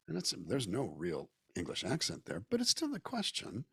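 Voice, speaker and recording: A man's voice: medium pitch, wildly swooping pitch, normal speed, creaky, hardly any pauses, bright, forceful tone, husky, dry recording, clean studio sound. A man from Southern California, a guest musician and actor, talking at length and thoughtfully over a video call. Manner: reflective, talkative, acts out quoted voices. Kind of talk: casual interview chat.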